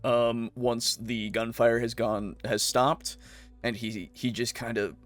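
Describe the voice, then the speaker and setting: A man narrating a tabletop role-playing game as game master, slow and halting with many pauses and fillers. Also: medium pitch, level tone, faint music behind.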